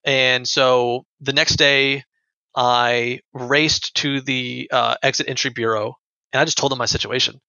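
A man's voice: medium pitch, flat delivery, measured pace, creaky, bright, forceful tone, no room sound. A young man earnestly telling a personal story in conversation, often repeating his words. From United States. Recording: dull lo-fi dry sound.

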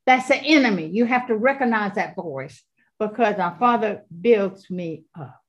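A woman in her eighties giving an earnest faith testimony, halting often and repeating her words. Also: mid-range voice, lively intonation, highs cut off. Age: 80s. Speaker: guest.

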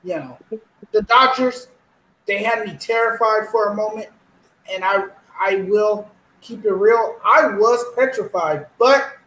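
A man's voice: high voice, fairly bright tone, slight background noise. A man co-hosting a casual sports talk show, earnest and emotional, often repeating himself. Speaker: co-host. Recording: roomy echo.

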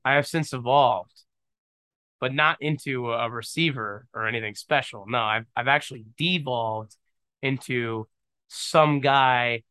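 This twenty-something host runs a solo podcast on camera with a studio microphone, staying casual and jokey while rambling into tangents. His mid-range voice has a sharp, clear, resonant tone at a measured pace, with no room sound.

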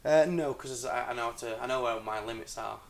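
An Englishman co-hosts a podcast in relaxed, chatty form. He laughs easily and tells stories without hurry. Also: medium pitch, brisk, gravelly. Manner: laid-back, laughing. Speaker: podcast co-host. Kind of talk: casual chat.

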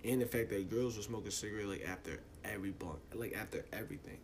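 A man's voice: lowish voice, fairly even intonation, fast, hardly any pauses, a little hiss or hum. A young man, hosting a casual solo podcast and ranting in a loose, profane, rambling way. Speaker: podcast host.

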